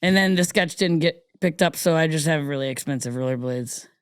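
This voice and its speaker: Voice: medium pitch, brisk, smooth, dry recording, clean studio sound. A comedian guest on a podcast, telling stories in a playful, casual way and acting out quoted voices.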